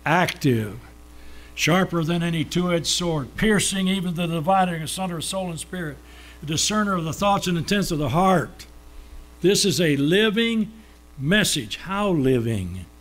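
A man preaching a sermon, asking questions and then answering them, slowing down to stress key words. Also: on the high side, lively intonation.

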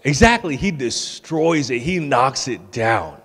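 A man's voice: mid-range voice, sing-song, unhurried, a bit bright, husky. A man in his thirties, a pastor giving a sermon in a casual, joking way with stammered restarts. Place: church sanctuary. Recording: long church hall reverb.

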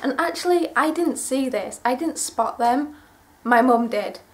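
A woman's voice: sits high, animated, a little slow. Gushing young woman vlogger. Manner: chatty, gushing, rambling. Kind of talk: clothing haul vlog.

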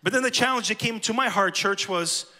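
A man's voice: high voice, brisk, bright, forceful tone, big-room sound. A man preaching a sermon to his church, telling personal stories and speaking directly to the congregation. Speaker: pastor. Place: church sanctuary.

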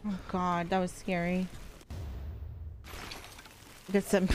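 A woman's voice: fairly low pitch, flat delivery, slow, noisy background. A woman streamer commentating live gameplay, jumpy and swearing often as she talks to her chat. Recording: loud music behind voice.

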